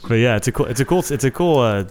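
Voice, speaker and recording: A man co-hosting a podcast, telling a short story in a relaxed, casual way. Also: mid-range voice, fast, a little hiss or hum. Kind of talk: casual chat.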